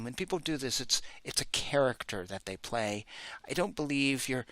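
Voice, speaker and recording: A man's voice: mid-range voice, animated, normal speed, pushed and bright, no echo. A middle-aged man hosting a reaction show, talking candidly with frequent restarts and fillers. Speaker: host. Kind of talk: casual reaction commentary.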